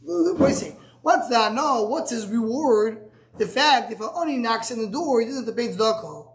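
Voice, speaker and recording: A man's voice: very high-pitched, normal speed. Style man teaching a Talmud class. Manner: thinks aloud with many restarts, fields student questions.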